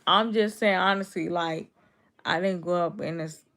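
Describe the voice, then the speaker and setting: Young woman in her 20s on a stream, aave, low-ish voice, blunt and repetitive, talking back to chat. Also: fairly even intonation, normal speed, a bit bright. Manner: blunt, repetitive, talks straight back to commenters. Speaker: YouTube streamer. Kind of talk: casual live-stream chat with viewers.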